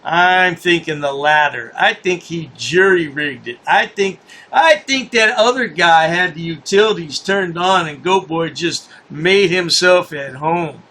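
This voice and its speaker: A man's voice: on the high side, unhurried, few pauses, sharp tone. A man hosting a commentary channel, mocking a news story in a sarcastic, scornful way and repeating his points for effect.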